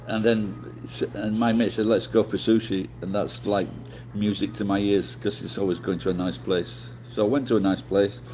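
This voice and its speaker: A man's voice: fairly low pitch, fairly even intonation, moderate pace, few pauses, a little mellow, slight background noise. A middle-aged man telling rambling stories to his stream chat, swearing often and restarting his sentences. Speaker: livestreamer. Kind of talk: casual storytelling to chat.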